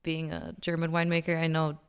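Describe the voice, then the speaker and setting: A woman on a wine panel speaking casually and thoughtfully, pausing often with ums. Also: sits low, monotone, clear, resonant tone. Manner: thoughtful, pauses with many ums.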